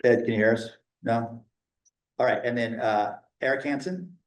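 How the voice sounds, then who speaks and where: A man runs a public meeting with casual, joking friendliness, moving the agenda along in an informal way. His voice sits at an ordinary middle pitch. The sound carries the reverberant echo of a meeting room. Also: fairly even intonation, normal speed. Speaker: meeting chair. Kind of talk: chairing a hybrid public meeting.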